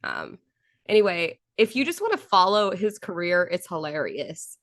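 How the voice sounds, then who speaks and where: A woman with a Texan accent chatting as a podcast guest, animated and gossipy, quick to laugh. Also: lowish voice, no echo, studio quality. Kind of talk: casual chat.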